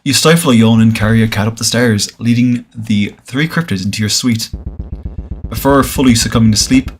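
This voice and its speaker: A man's voice: medium pitch, normal speed, a little hiss or hum. Man casually reading a visual novel aloud. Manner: casual, jokey asides between read lines. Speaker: game streamer.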